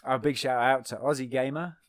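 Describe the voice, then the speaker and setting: A man's voice: mid-range voice, steady tone, a little fast, crowd noise. A man, co-hosting a casual podcast chat, who swears freely and repeats words as he talks. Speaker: podcast co-host.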